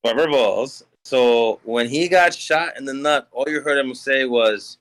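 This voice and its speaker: A man's voice: medium pitch, measured pace, fairly bright tone, poor audio. A man chatting on a podcast, telling jokes and stories casually.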